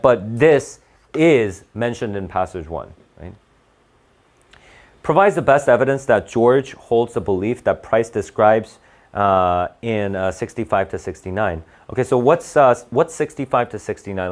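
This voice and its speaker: A man's voice: fairly low pitch, animated, unhurried. A man working through reading test questions aloud as a tutor, in a casual, self-correcting way that keeps checking with "right?". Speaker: SAT tutor. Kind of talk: thinking-aloud test walkthrough.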